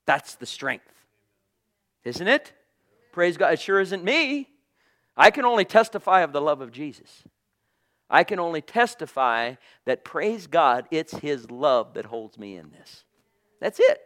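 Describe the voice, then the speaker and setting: A man preaching a fervent sermon, moving between hushed low passages and loud, emphatic proclaiming with repeated phrases and bursts of praise. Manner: fervent, punctuated with praise exclamations.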